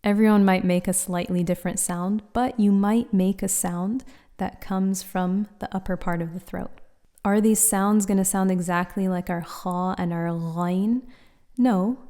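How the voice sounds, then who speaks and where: A woman teaching pronunciation in a patient, clear instructional style, demonstrating sounds aloud. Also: fairly low pitch, steady tone, a little slow, warm tone. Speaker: Quran recitation teacher. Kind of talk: instructional explainer.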